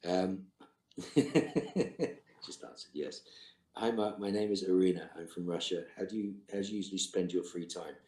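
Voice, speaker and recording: A middle-aged actor doing a virtual fan Q&A over video call reads fan questions aloud and answers with dry, terse quips. His voice sits low and is steady, brisk, and a little mellow. The recording has a roomy echo.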